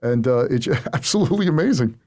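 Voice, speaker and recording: Man, middle-aged, podcast host, casual interview, animated storytelling, medium pitch. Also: brisk. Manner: animated storyteller, rising emphasis.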